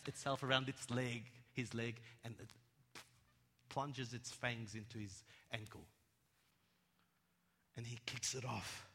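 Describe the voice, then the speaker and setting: Male preacher, emphatic sermon delivery, slightly high voice, long hall reverb. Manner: emphatic, repeats words, swings from loud to hushed.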